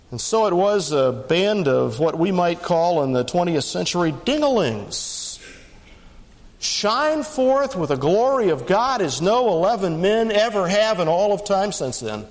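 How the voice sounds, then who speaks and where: A man preaching a sermon as pastor, swinging between fast punchy lines and slow emphatic ones. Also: sing-song, in a large hall. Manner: dramatic rises and drops in pitch and pace.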